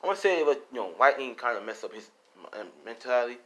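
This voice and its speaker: A man's voice: medium pitch, expressive, fast talker, fairly bright tone. A man casually retelling a fan story, rambling along with lots of fillers and swearing.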